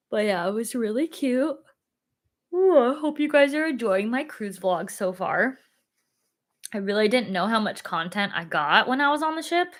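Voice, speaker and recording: Excited, casual chatter fills this young woman's self-hosted live stream, along with frequent fillers, laughter, and sudden high squeals.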